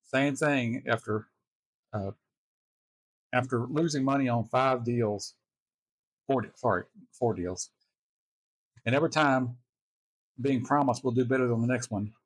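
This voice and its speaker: A man hosting a reaction video, telling personal stories in a halting, casual way with wry chuckles. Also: mid-range voice, no echo. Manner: halting, restarts often, chuckles wryly.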